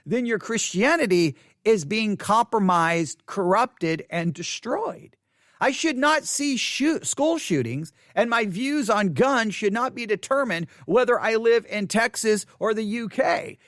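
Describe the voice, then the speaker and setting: A man's voice: sits high, fairly bright tone, dry recording, clean studio sound. A man hosting a theology podcast, talking in an emphatic, opinionated monologue full of repetition and wry asides. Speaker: podcast host. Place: West Texas.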